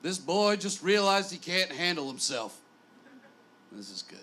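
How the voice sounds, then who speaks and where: A man's voice: on the high side, big pitch swings, unhurried, bright, forceful tone. A man in his twenties doing a stand-up set in a small bar, rambling and self-deprecating with stammered restarts. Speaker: stand-up comedian.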